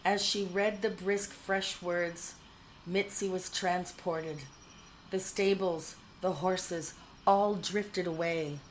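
A woman narrating a whimsical storybook in a measured, dryly humorous way. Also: fairly low pitch, fairly even intonation, a little hiss or hum, poor audio.

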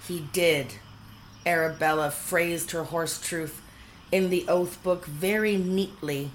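A woman reading a storybook aloud in a playful, expressive manner. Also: on the low side, takes it slowly, a little hiss or hum, low-quality recording. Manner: playful, expressive, shifting into character voices.

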